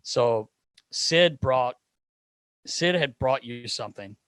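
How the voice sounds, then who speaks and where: A man co-hosting a podcast, telling animated, profane anecdotes with laughter in a casual chat. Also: medium pitch, slow, smooth, no room sound. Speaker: podcast co-host. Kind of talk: casual storytelling.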